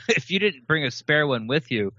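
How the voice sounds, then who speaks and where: A man's voice: a little high, lively intonation, pushed and bright, dry recording. A man co-hosting a podcast, asking questions in a joking, casual way. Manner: joking, quick interjections. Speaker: podcast co-host interviewer. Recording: dull lo-fi dry sound.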